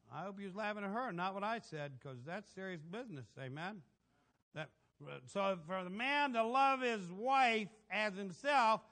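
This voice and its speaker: A middle-aged man preaching a folksy, animated sermon, asking the congregation for amens. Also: high-pitched.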